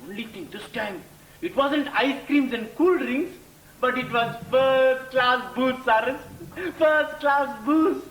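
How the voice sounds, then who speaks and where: A male actor's very high-pitched voice, full of lively intonation, fills a stage play as he portrays a tipsy braggart telling a story. He teases, laughs while boasting, and takes his time. There's slight background noise, and the recording is distant and echoey.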